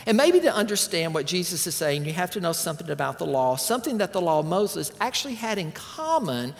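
Male pastor, sermon, lively swooping delivery, big echoing sanctuary. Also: sits high, brisk, vocal fry. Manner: animated, conversational preaching with asides to the congregation. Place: church sanctuary. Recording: church hall reverb.

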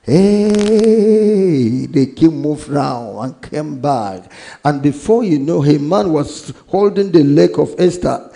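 A male pastor with a Nigerian English accent preaching a sermon, reading scripture slowly and emphatically and acting out Bible stories. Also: a little high, lively intonation, creaky, mellow.

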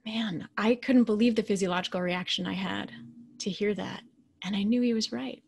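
A woman in her thirties or forties giving a motivational talk as a keynote speaker, telling a personal story in a conversational, animated way with quiet, hushed asides. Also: medium pitch, moderate pace, gravelly, a little hiss or hum. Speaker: keynote speaker and leadership coach.

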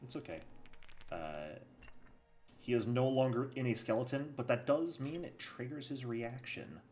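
A man's voice: mid-range voice, measured pace, a little mellow, soft background music. A man running a tabletop game as game master, gleeful and teasing as he narrates the monsters' moves.

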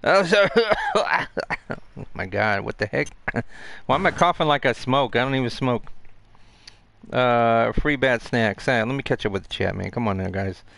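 A man streaming a video game, chatting excitably to himself and his viewers with mild cursing. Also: medium pitch, normal speed, vocal fry. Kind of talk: casual live gaming commentary.

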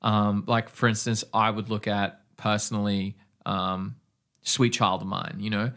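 A man's voice: lowish voice, little pitch movement, a little slow, fairly bright tone. A man with an Australian accent teaching an online guitar lesson, talking enthusiastically and rambling. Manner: enthusiastic, rambling, scats rhythms aloud. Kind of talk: casual online music lesson.

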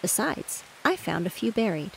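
A woman's voice: medium pitch, very animated, normal speed, gravelly, a bit bright, slight background noise, poor audio. A woman voicing a sly male chipmunk in a storybook, coaxing and friendly.

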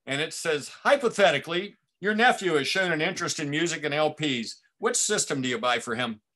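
A man's voice: a little high, expressive, a little fast, pushed and bright. A male host of a casual interview, reading out viewer questions and laughing along with his guest.

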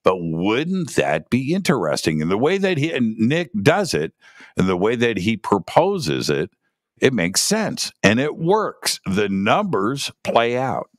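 A man co-hosting a casual discussion, talking in an animated way and often repeating words while he thinks. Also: mid-range voice, unhurried, dry recording, clean studio sound. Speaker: podcast co-host.

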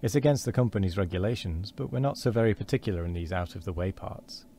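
A burly, kind-hearted engine driver speaks in a homely, reflective way in a storybook reading, voiced by a man. The tone is low and mellow. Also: lively intonation, fast talker, slight background noise. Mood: kindly.

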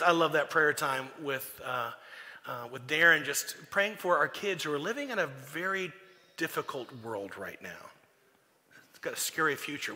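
A man's voice: a little high, bright, forceful tone. A man preaching a sermon as pastor, folksy and joking as he tells stories. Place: church sanctuary. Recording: echoey church hall.

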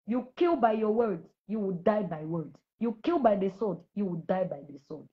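A Christian ministry host in her late thirties delivers a fervent testimony on a live stream, preaching and scolding commenters directly. Her medium-pitched voice has lively intonation and a normal speed, though the audio sounds dull.

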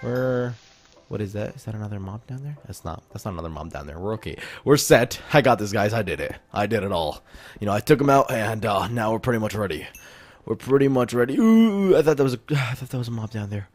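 A man's voice: lowish voice, fast. A young man giving rambling, joking commentary while playing a video game, talking to his viewers and to the creatures on screen. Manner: rambling, jokey self-talk. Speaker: gaming YouTuber. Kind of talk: Let's Play commentary.

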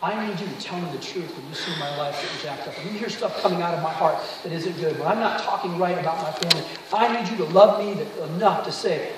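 A man in his forties preaching a sermon as pastor, telling stories with animated quoted dialogue. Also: sits high, fast talker. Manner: animated storytelling with acted quotes. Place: large church hall. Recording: echoey hall, from far off, noisy.

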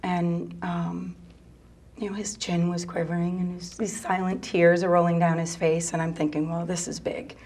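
A middle-aged mother telling a personal story in an interview, soft-spoken and halting, sometimes dropping to a near whisper. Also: fairly low pitch, flat delivery. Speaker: mother of a gay teen son; interview guest.

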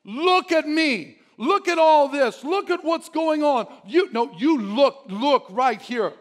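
A man's voice: extremely high pitch, animated, measured pace, fairly bright tone, pitched above the performer's own voice, exaggerated voice. A man voicing a frustrated biblical patriarch who complains to God, pleading and repeating himself. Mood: exasperated complaining.

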